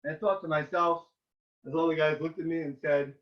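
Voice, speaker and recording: A man, a rabbi, giving an informal talk to yeshiva students and telling animated stories in which he loudly acts out the quoted lines. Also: on the high side, brisk. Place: room at a yeshiva. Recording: roomy, distant and dull.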